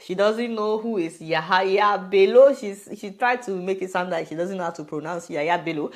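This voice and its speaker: A woman with a Nigerian accent giving an animated, mocking commentary on a video, often exclaiming in disbelief. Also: mid-range voice, normal speed.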